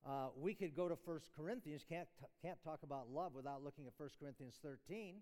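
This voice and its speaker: A man preaches in a chapel with a high voice that rings out in a long, lingering reverb. He teaches conversationally and keeps asking his listeners questions. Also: brisk, warm tone. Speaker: chapel speaker. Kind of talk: sermon. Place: large chapel.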